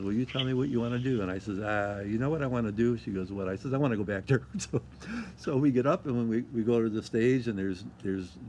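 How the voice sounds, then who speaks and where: A man's voice: fairly low pitch, dark tone, a little hiss or hum. An older man from Michigan, an interview guest who tells stories in a rambling way, repeats himself and acts out what people said. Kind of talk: casual storytelling.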